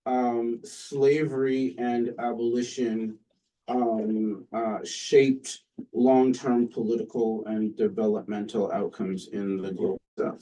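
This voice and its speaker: A man, a political science professor, giving an academic talk in a relaxed, conversational way with frequent pauses and "um"s. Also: mid-range voice, far from the mic, poor audio. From Canada. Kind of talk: academic lecture. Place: lecture room with an audience.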